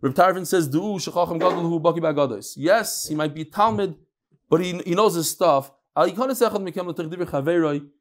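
A man teaching a text class who reads passages aloud, then explains them in relaxed talk and tells stories. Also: on the high side, fairly quick. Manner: storytelling, acts out quoted voices. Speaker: Talmud teacher. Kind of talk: Talmud class lecture.

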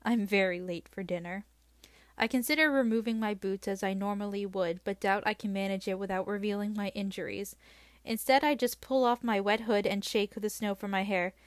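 A woman's voice: medium pitch, steady tone, moderate pace, dry recording, clean studio sound. A woman hosting a book podcast, recapping chapters in a chatty way with frequent filler sounds, then reading passages aloud. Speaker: podcast host.

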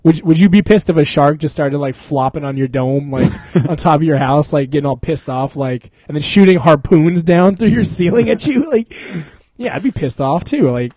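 A man's voice: fairly high pitch, animated, moderate pace, dark tone, no echo. A man from Florida hosting a casual podcast chat, telling stories animatedly, swearing freely and laughing often. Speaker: podcast host.

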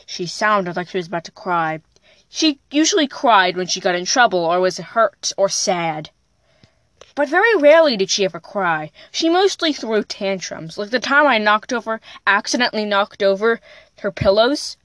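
A woman's voice: medium pitch, lively intonation, moderate pace, fairly bright tone, no echo. A woman hosting her own podcast, telling a personal story in a plain, unpolished way with occasional restarts. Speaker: podcast host.

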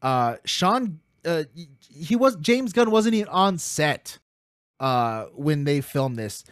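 A man co-hosting a casual wrestling podcast, telling stories excitedly, swearing freely and laughing as he goes. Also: fairly high pitch, slow pace, clear, resonant tone, no echo, studio quality. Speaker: podcast co-host.

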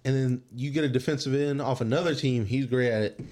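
Halting man explaining in casual chat. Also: medium pitch, steady tone, darkish tone. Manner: halting, repeats words while explaining. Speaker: podcast co-host.

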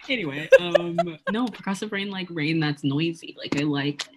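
A young woman with a low voice co-hosting a casual podcast. She rambles playfully, drifts off topic, and tries out silly little voices and sound effects as she talks. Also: moderate pace. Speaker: podcast co-host. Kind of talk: casual chat.

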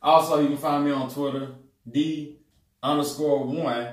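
A man in his twenties with a Mississippi accent, a podcast guest who talks in an animated way, laughing and swearing. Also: a little high, a little slow. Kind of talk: casual chat. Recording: echoey room, far from mic.

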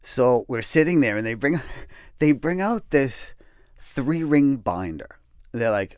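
A middle-aged man telling a personal story in a candid, wry and self-deprecating way, swearing casually and finding dark humor in grief. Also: mid-range voice, lively intonation, moderate pace, no room sound, studio quality. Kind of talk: personal storytelling, darkly comic.

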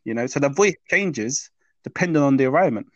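A man's voice: mid-range voice, lively intonation, brisk, no echo, lo-fi sound. A man teaching about the inner voice in an interview, explaining patiently and often checking in with "yeah?". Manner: explanatory, checks in with "yeah?" and "does that make sense?". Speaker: mindset teacher.

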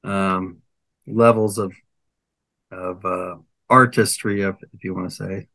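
Bright, dry-voiced older man rambling. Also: low-pitched, steady tone, slow pace, creaky, no room sound. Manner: rambling, hesitant, lists things with many fillers. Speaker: comedian guest. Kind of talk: casual interview chat.

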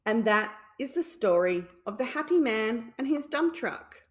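Woman reading a bedtime story to little kids, super slow and calm. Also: on the high side, a little hiss or hum. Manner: slow, soothing reading aloud.

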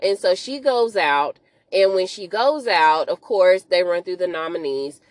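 A woman hosting a podcast, retelling a TV episode in a chatty, animated way full of slang and asides. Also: fairly low pitch, unhurried, dry recording. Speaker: podcast host. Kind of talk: casual episode recap.

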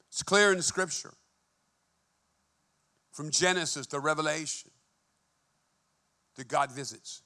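A man preaching a fervent sermon in a church, moving between hushed and emphatic delivery. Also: a little high, slow, long pauses. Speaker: pastor.

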